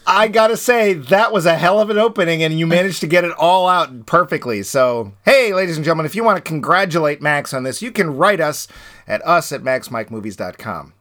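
Bright, lively man ribbing his co-host. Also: on the high side, brisk. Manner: teasing, wisecracking. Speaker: podcast co-host. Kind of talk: casual movie podcast chat.

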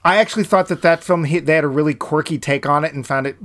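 A man from New England in a casual film chat, animated and often restarting as he searches for names. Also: on the high side, quick pace.

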